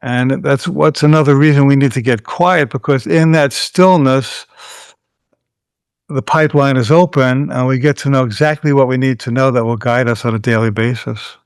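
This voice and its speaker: A man, a guest author and teacher, explaining spiritual ideas in a calm, measured way. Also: medium pitch, clear, resonant tone, dry recording, studio quality. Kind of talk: spiritual conversation.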